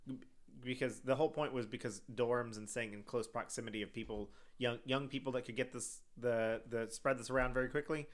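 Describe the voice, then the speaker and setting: A man's voice: mid-range voice, steady tone, a little fast. A young man with a Southern American accent, co-hosting a podcast in casual banter, rambling with lots of fillers and restarts and some swearing. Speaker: podcast co-host. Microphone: headphones and studio mic.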